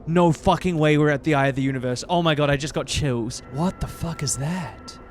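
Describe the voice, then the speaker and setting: A man commentating his own playthrough of a game, excitable, swearing often and reacting loudly. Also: on the high side, fairly quick, noisy background. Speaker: streamer playing a game. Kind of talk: let's play commentary.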